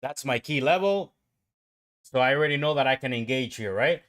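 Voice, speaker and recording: A man giving live trading commentary on his own stream, talking to himself and his viewers and swinging from calm explaining to excited outbursts. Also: mid-range voice, normal speed. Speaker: livestream day trader.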